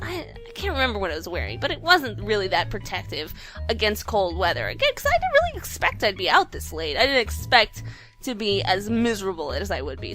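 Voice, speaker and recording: A woman game developer tells a story on her vlog, casual and animated, with an occasional swear. Her voice sits a little high and swings widely in pitch. Soft music plays faintly underneath. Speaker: game dev vlogger.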